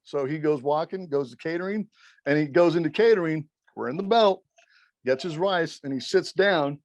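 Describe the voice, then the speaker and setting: A middle-aged man, a former wrestling referee, telling stories as an interview guest in an animated, rambling way, swearing constantly and acting out quotes. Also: a little high, normal speed, no room sound. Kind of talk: profane, rambling storytelling.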